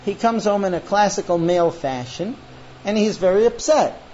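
A high-pitched man lectures a class about marriage, jumping into stories and playing out both sides of a quarrel. The recording is dull and lo-fi, with a faint hum of room sound behind him. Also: normal speed. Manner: animated storyteller acting out quoted voices. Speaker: teacher.

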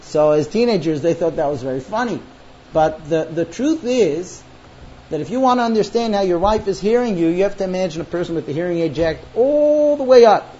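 Animated high-voiced man teaching a class. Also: fairly quick, slight background noise. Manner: animated storyteller acting out quoted voices. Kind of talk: classroom lecture on marriage. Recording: dull lo-fi recording with faint ambience.

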